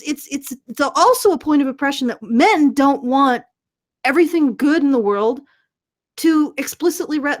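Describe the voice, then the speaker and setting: Woman podcast host, slightly high voice, sarcastic, swears, trips over restarts. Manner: sarcastic, stammering restarts, profane. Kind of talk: casual commentary chat.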